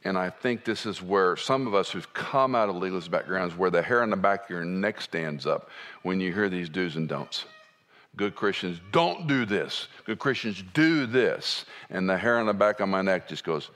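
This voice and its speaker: A man preaching a sermon in a conversational way, dropping to soft asides and rising to emphatic points. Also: low voice, lively intonation, normal speed. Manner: conversational, wide swings between soft and emphatic.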